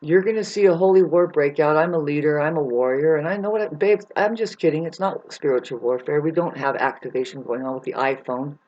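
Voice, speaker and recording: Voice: medium pitch, brisk, hardly any pauses, darkish tone, lo-fi sound. A vlogger delivering an angry, rambling, profane monologue that warns and scolds the listener. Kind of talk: ranting monologue.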